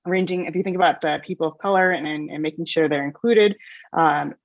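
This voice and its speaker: A woman's voice: deep voice, brisk, dry recording. A woman presenting at a staff workshop, speaking hesitantly with many fillers and restarts. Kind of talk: workshop talk. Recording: dull, lo-fi sound.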